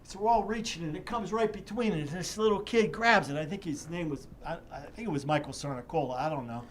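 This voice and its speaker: A man's voice: fairly high pitch, quick pace, slight background noise. An older man, a guest in an interview, telling long, vivid stories with many restarts. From Pittsburgh area. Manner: vivid, rambling reminiscence with restarts. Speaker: interview guest, charity executive director. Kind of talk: animated storytelling in an interview.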